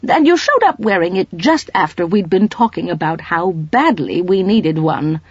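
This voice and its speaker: An earnest, plucky elderly lady turned amateur spy, as a narrator puts her on in an audiobook. She speaks high and eager, in quick exclamations, with a husky breathiness. The recording is dull and dry. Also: very animated, dry recording. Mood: accusing. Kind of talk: audiobook reading.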